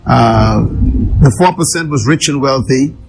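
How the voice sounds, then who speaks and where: A man's voice: medium pitch, slow pace, gravelly, over music, low-quality recording. Earnest man telling his life story. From an island nation. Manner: earnest, emphatic, repeats key words for weight. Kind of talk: storytelling interview.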